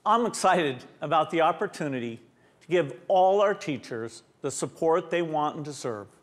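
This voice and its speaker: A man finishing a prepared speech in a measured, earnest way. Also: on the high side, animated. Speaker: speaker.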